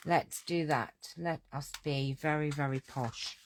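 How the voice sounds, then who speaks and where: A woman's voice: sits low, fairly even intonation, unhurried, a little hiss or hum. A woman running a live card-making tutorial at her craft desk, gushing and exclamatory as she talks to her viewers.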